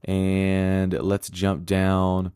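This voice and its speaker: A man's voice: sits low, monotone, drawn-out words, warm tone, clean tone, no room sound, clean studio sound. A man preaching a sermon in an earnest, conversational way, reading scripture aloud as he goes.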